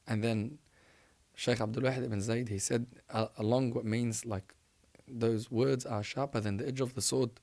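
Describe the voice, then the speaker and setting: A man preaching, telling a religious story in an animated, emphatic way and often restarting his sentences. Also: medium pitch, normal speed.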